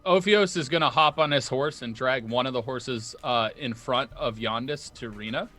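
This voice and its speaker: A man's voice: medium pitch, pushed and bright. A man playing a tabletop game, explaining his moves methodically with hesitant fillers. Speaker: player. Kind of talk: casual tabletop play.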